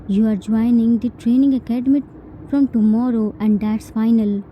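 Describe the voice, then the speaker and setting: A woman's voice: fairly high pitch, steady tone, normal speed, highs cut off, slight background noise, lightly acted. A woman voicing a stern middle-aged mafia boss father who gives harsh commands.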